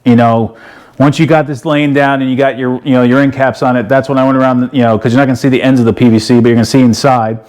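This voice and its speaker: A middle-aged man talks through a do-it-yourself job in an easy, unpolished way, stopping and restarting with plenty of fillers. His voice sits at an ordinary pitch for a man. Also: flat delivery, quick pace, a little mellow. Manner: folksy, rambling, lots of "you know" and "uh". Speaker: DIY video host. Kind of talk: casual how-to walkthrough.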